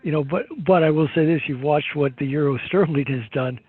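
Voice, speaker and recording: A man's voice: on the high side, a little fast, husky. Opinionated man on a tinny line. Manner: opinionated, rambling, many fillers and restarts. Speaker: market commentator guest. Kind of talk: casual market commentary.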